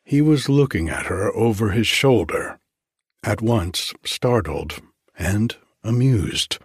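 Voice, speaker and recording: Slow, husky male audiobook narrator. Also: fairly low pitch, no room sound, studio quality. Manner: measured, expressive storytelling.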